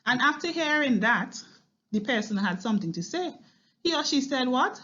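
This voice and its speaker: A woman's voice: sits high, sing-song, moderate pace, fairly bright tone, highs cut off. A woman teaching a recorded exam-prep poetry lesson, explaining line by line and often checking in with "okay?". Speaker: English literature teacher.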